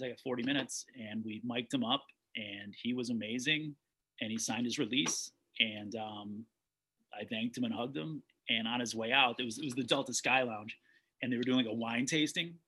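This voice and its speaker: A man's voice: medium pitch, pushed and bright, slightly rough. A man, a documentary director, telling stories in a casual interview, rambling with frequent restarts.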